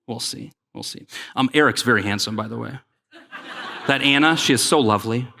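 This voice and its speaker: A man giving a conference keynote, energetic and joking, calling on the crowd to respond. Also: medium pitch, fairly quick, vocal fry. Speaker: keynote speaker. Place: large conference hall. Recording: long hall reverb.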